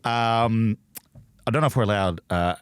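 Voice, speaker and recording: A man's voice: lowish voice, moderate pace, clean tone, no echo. An Australian man chatting as a guest co-host, rambling and hesitant with lots of fillers. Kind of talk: casual podcast chat.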